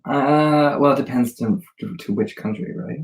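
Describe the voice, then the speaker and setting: A young man from Canada co-hosting a casual livestream with his boyfriend, giving calm, brief replies. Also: mid-range voice, normal speed, gravelly. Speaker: host's boyfriend, co-host. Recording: echoey room.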